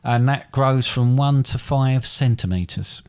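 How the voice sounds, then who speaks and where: A man's voice: mid-range voice, slow pace, a little mellow, clear, resonant tone. A man co-hosting a casual podcast chat, rambling and self-deprecating as he talks. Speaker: podcast co-host.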